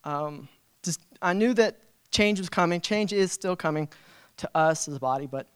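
A man giving an unprepared church testimony, casual and halting, with restarts and fillers. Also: a little high, a bit bright, smooth, no echo, studio quality.

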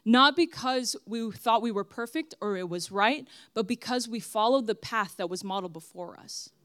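A woman's voice: fairly high pitch, normal speed, a bit bright, no echo, studio quality. A young woman giving a personal testimony sermon at church, earnest and emphatic as she speaks straight to the congregation.

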